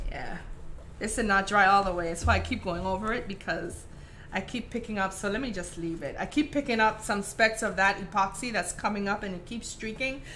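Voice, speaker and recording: A woman's voice: medium pitch, pushed and bright, a little hiss or hum. A woman with a Caribbean accent hosting a live craft tutorial, chatty and affectionate with her viewers. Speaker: craft host.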